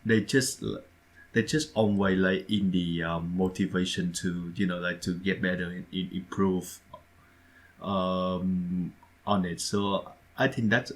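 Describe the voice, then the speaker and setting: A low-voiced man co-hosts a casual podcast. He speaks haltingly, searching for words with frequent pauses and slightly non-native grammar. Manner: hesitant, many fillers and restarts, non-native grammar. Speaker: podcast co-host. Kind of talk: casual discussion.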